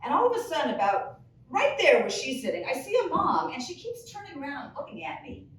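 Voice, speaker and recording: A woman in her fifties telling a comedic story live on a pub stage, animated with loud exclamations. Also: high-pitched, fast talker, slight background noise. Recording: echoey pub room, mic far off.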